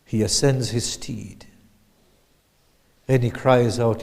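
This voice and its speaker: A man preaches at an unhurried pace, his voice sinking to near-whispers and rising to loud, anguished cries. His voice is mid-pitched and carries a long reverb, as in a large hall. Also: steady tone. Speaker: lecturer. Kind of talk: sermon retelling a tragic narrative.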